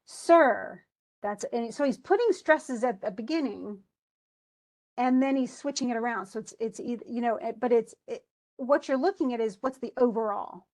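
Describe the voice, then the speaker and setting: A woman with a fairly high voice lectures a class on poetic meter. She reads lines of verse aloud with heavy stresses and taps out the rhythm in syllables. She thinks aloud with restarts and turns to students with questions. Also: moderate pace, a little mellow. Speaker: English instructor.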